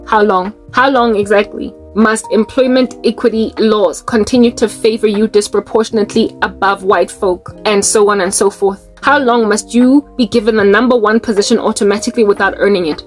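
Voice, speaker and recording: A South African woman with a South African accent, delivering an impassioned, scolding commentary monologue and mixing English with local languages. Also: mid-range voice. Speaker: online preacher and commentator.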